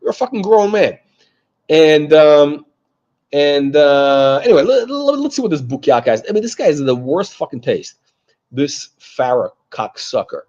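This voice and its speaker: A man's voice: fairly high pitch, very animated, moderate pace, a little mellow, muffled recording. A man hosting a show, ranting sarcastically and profanely as he reacts to a clip, rambling with many restarts. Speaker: host reacting to a video clip. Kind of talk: casual ranting commentary.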